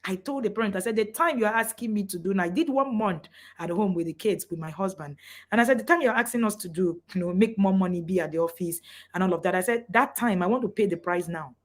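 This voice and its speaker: Speaking fast at a medium pitch, a middle-aged parent coach gives an impassioned motivational talk. She swings from forceful statements to near-whispers.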